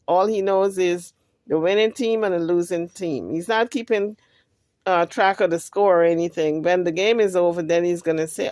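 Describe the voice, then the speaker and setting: A woman hosting a channel, giving casual commentary on a clip and thinking out loud. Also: lowish voice, dry recording, clean studio sound. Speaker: channel host.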